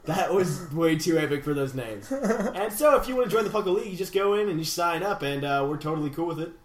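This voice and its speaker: A young man co-hosting a casual gaming podcast, chatty and animated, stretching out names slowly when he reads league standings. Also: on the high side. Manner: animated, slow announcer drawl for standings. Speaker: podcast co-host. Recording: echoey room.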